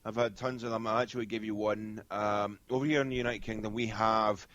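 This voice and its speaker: Scottish man, low voice, rambling storyteller; dry, dull lo-fi recording. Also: little pitch movement, a little fast, a bit bright, no echo. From Scotland. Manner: rambling storyteller with many restarts and fillers. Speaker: guest medium. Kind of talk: casual podcast chat. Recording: dull lo-fi sound.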